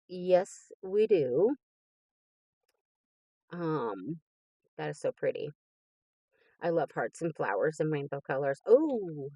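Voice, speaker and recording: Slow-talking gushing woman in her fifties. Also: lowish voice, vocal fry, warm tone, dry recording, dull audio. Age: 50s. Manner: gushing and enthusiastic, frequent laughs. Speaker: crafting channel host. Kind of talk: casual chat opening mail.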